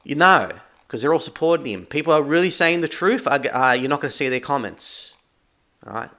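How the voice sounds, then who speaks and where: A man's voice: a little high, lively intonation, brisk, pushed and bright. A man giving accusatory commentary over a video, repeating "right?" after nearly every phrase. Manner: accusatory, emphatic. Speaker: commentary channel host.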